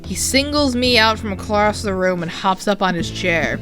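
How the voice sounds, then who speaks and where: A woman's voice: mid-range voice, expressive, normal speed, hardly any pauses. A woman casually narrating a game playthrough, with chatty, self-deprecating asides. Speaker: let's-play narrator. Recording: music playing behind.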